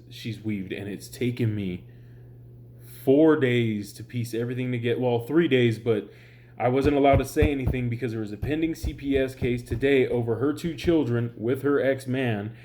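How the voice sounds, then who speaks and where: A man's voice: medium pitch, darkish tone. An exhausted, sleep-deprived man ranting in a rambling, exasperated way to his viewers, swearing often. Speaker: online commentator. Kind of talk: heated vlog rant.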